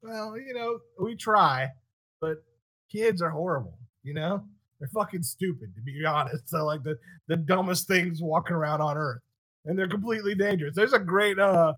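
A man hosting a podcast, chatting casually with a bright, forceful tone. He is animated, swears a lot and laughs between lines. The sound is dry and close. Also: a little high, normal speed, dry recording. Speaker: podcast host. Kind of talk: casual chat.

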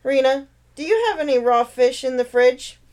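A woman's voice: sits high, lively intonation, moderate pace, darkish tone. A woman voicing a wry, easygoing retired Marine father in his sixties.

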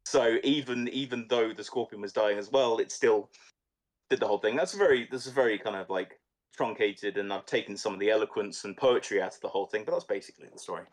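Male podcast co-host, lowish voice, loose and profane retelling. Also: fast. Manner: tells stories loosely, swears, repeats words. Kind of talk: casual film discussion podcast.

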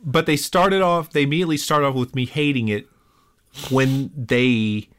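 A man hosting a podcast in casual chat, animated and playful, sounding sick with a cough. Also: mid-range voice, normal speed. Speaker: podcast host.

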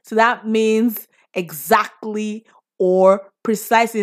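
A young Nigerian woman talks freely in a relaxed solo chat. She laughs often and drops into pidgin phrases. Her voice sits at an ordinary middle pitch. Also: a little slow. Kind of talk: casual solo talk.

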